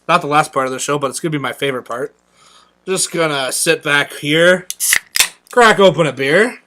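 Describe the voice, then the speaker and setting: A man's voice: fairly high pitch, fairly quick, background noise. A young man co-hosting a podcast, talking enthusiastically with many ums and uhs. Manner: enthusiastic, lots of filler words. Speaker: podcast co-host. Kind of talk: casual podcast chat.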